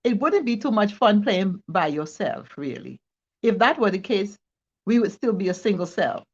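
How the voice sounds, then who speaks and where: A playful woman with an accent, speaking as a guest over a video call. She laughs often and circles back on her words, in a mid-pitched voice. The audio is a little dull. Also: big pitch swings, normal speed, slightly rough. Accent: non-native English accent. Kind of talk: casual chat.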